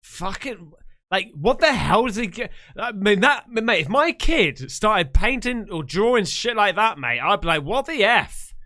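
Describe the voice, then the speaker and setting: A man comments on a story as he listens, excitable and foul-mouthed, full of chatty asides. His voice sits high and bright. It swings up and down a lot. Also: measured pace. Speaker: YouTube reactor. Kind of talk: casual reaction commentary.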